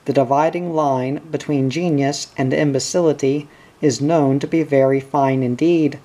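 A man's voice: fairly high pitch, fairly even intonation, normal speed, mellow, natural voice. A man voicing a genial, good-humoured prospector who coaxes his mates. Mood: coaxing.

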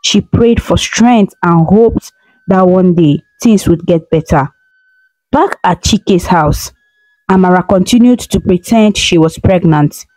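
Woman narrating a folktale, mellow tone. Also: fairly low pitch, slow, no echo, rough recording. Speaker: storyteller.

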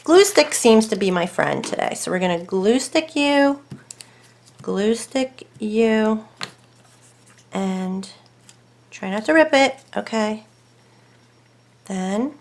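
A woman chats her way through a casual crafting tutorial at home, addressing her dogs and herself and musing over each choice, at times sinking into gentle murmurs. Her medium-pitched voice is animated but slow, with long pauses.

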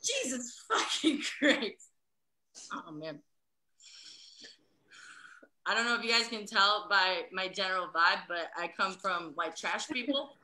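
A woman's voice: mid-range voice, big pitch swings, takes it slowly, pauses often, sharp tone. A young woman from the Midwest doing a profane stand-up set over a video call, laughing through her jokes. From American Midwest. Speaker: stand-up comic. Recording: roomy echo.

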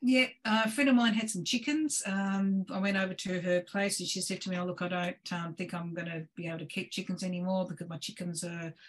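A woman, a guest on a video call, telling lively stories about home cooking and cheese-making with laughs along the way. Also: lowish voice, a little fast, hardly any pauses. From Australia. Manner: lively, laughing, gestures while cooking talk. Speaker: guest presenter. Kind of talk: animated storytelling on a video call.

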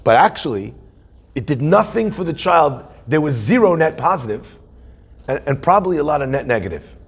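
A man's voice: a little high, big pitch swings, moderate pace, slightly rough. A man teaching a humorous Torah class in a playful, musing way, full of self-deprecating asides.

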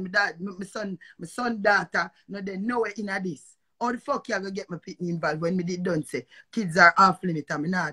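A woman's voice: medium pitch, sharp tone, slightly rough. An older woman with a Jamaican accent ranting on a live stream, cursing and repeating herself in a confrontational way. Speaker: social media personality. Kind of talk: heated live-stream rant.

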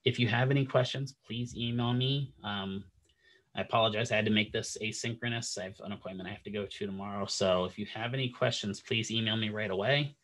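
A man with a slightly low voice gives a recorded classroom lecture into his computer's microphone. He talks casually and conversationally, often checking in with a quick "right?". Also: fairly even intonation, fairly bright tone, rough recording. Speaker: instructor.

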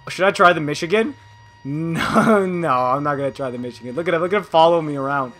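A young man commentates his own gameplay in a slightly high voice, trash-talking opponents. He drops to quiet muttering between plays, then bursts into loud yelling when something happens. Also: a little fast. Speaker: gaming video host.

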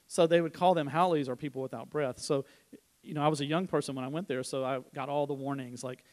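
Man preaching in a relaxed, story-driven way. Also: a little high, fast. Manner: informal storytelling, frequent restarts. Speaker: church speaker. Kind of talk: conversational sermon.

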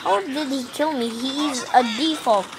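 A woman's voice: high voice, a little slow, heavy background noise. A young woman giving casual, joking commentary over her own gameplay, often exasperated. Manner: frustrated, joking, sings silly bits. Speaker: gaming vlogger.

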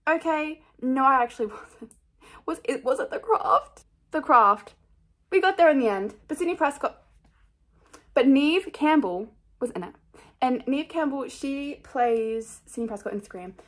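A woman's voice: high voice, lively intonation, normal speed, bright, forceful tone. A young woman chatting casually about her book picks in a rambling, scattered, self-mocking way, full of fillers. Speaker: book vlogger. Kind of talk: casual chat.

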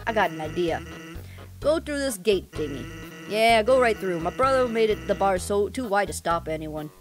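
Casting: a woman playing a lazy, quiet, wisecracking skeleton in a game, lower than her own voice. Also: animated, normal speed, soft background music, lightly acted. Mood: laid-back. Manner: low, quiet, lazy drawl. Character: lazy laid-back male skeleton joker.

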